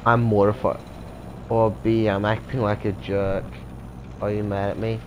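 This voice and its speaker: A man's voice: on the low side, little pitch movement, measured pace, slight background noise, close to an everyday voice. A man voicing a drunk, clumsy young female cat in a video game, rambling and apologetic.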